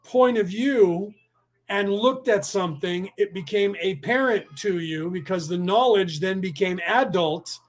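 A man's voice: sits high, unhurried. A man delivering a rambling, profane monologue, full of rhetorical questions and sudden bursts of speed.

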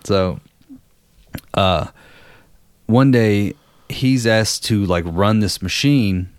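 A man in casual conversation, telling a story and acting out the people in it with loud, high-pitched quotes. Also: drawn-out words, clean tone, dry recording. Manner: animated, acts out quotes with loud high voices.

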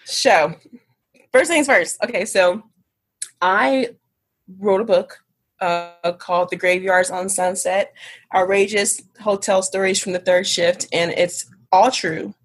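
A woman guest and author telling a story in a casual interview, animated and laughing often. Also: mid-range voice, slow pace, breathy edge.

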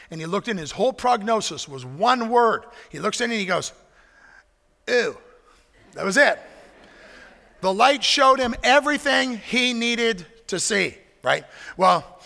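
A man preaching a sermon with a bright, gravelly, somewhat high voice. He talks in a conversational, story-telling way to a congregation, and long reverb from a large hall trails behind him. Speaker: pastor.

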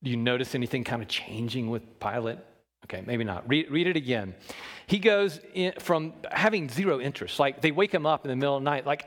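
A man preaching a sermon, shifting between loud emphasis and hushed low lines and asking the congregation questions. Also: very animated, a little fast, big-room sound. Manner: talks with the congregation, asks them questions. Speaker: pastor.

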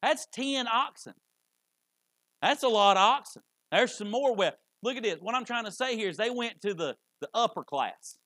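Male preacher, high bright tone, dry close sound, folksy, stammering sermon. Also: expressive, moderate pace, no room sound. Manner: folksy, repetitive, stammers on restarts.

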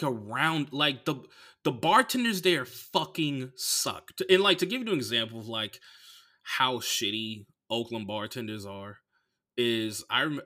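A man from the Bay Area, a comedian and podcast host, telling stories in an animated, profane way with lots of "like". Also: mid-range voice. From San Francisco Bay Area. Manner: animated, profane, heavy use of "like". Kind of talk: casual comedic storytelling.

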